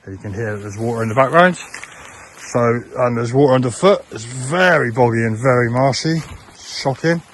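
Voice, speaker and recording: A man from south-west England keeps a rambling, halting hiking diary outdoors, full of fillers and restarts. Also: medium pitch, poor audio. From Plymouth, south-west England. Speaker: hiker and vlogger. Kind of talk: casual spoken hiking diary. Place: outdoors on open moorland and in woodland. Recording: outdoor camera audio with wind noise.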